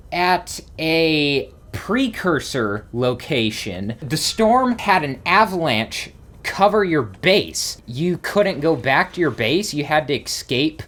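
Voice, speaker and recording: A man's voice: a little high, fairly bright tone. A man hosting a let's play, giving rambling gameplay commentary and thinking aloud with small exclamations.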